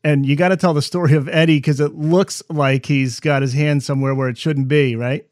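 A man's voice: fairly high pitch, steady tone, a little fast, a little mellow, no echo, clean studio sound. A man hosting an interview, asking friendly, encouraging questions. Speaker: interview host. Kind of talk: casual interview.

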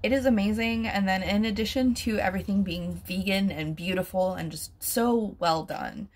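A woman vlogger chatting casually through an unboxing, gushing and excitable, with fillers and the odd swear word. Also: mid-range voice, moderate pace. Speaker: vlogger reviewing bath products.

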